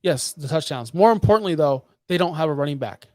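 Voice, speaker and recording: A fired-up man co-hosting a podcast, his voice sitting a little high and ranting with heavy emphasis. The sound is dry and close, with no room echo. He piles point upon point without letting up. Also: animated, quick pace, darkish tone. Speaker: podcast co-host. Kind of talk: heated fantasy football talk.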